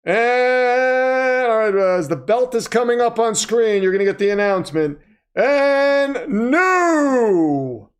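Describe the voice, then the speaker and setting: Casual male stream host, high clear voice, rambling play-by-play, self-deprecating, erupts with excitement. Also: fast, few pauses. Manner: flustered, self-deprecating, breaks into excited shouts. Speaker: livestream host. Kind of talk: casual livestream commentary.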